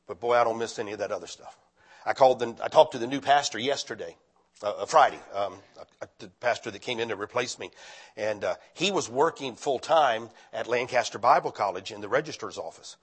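An older man, a retired pastor, preaching a conversational sermon that climbs into loud, fervent appeals. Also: medium pitch, animated, fairly quick, slightly rough.

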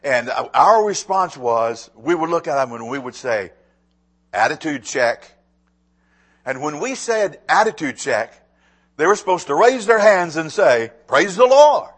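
A middle-aged male pastor with a slightly husky, somewhat raised voice delivers a sermon. His pitch leaps around as he preaches, swinging from loud emphasis to near-hushed asides, and he repeats words as he presses a point. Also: animated, normal speed.

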